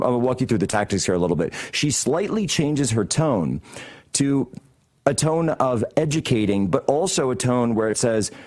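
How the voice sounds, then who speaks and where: A man's voice: medium pitch, darkish tone. Male studio host, heated mocking commentary, mid-range voice. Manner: combative, sarcastic, mocking. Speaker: political talk show host. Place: broadcast studio.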